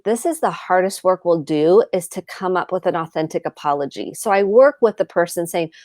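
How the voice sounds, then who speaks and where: A woman's voice: mid-range voice, darkish tone, no room sound, clean studio sound. A woman therapist on a video call, explaining earnestly and acting out example phrases as she goes. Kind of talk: video chat advice talk.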